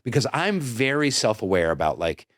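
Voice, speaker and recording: A middle-aged man hosting a podcast, talking in an animated, self-deprecating way. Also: mid-range voice, moderate pace, no echo, clean studio sound. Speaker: podcast host. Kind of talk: casual interview conversation.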